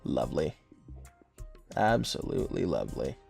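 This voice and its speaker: Rambling young man with gravelly voice. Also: very deep voice, big pitch swings, normal speed, music in the background. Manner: rambling, joking, filler-heavy. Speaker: gaming YouTuber. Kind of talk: casual gameplay commentary.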